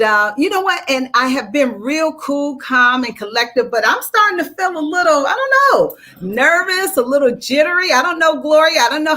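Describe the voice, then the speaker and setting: Chatty woman on radio chat, kinda high voice, animated and playful. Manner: animated and chatty, quick to laugh at herself. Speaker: co-host.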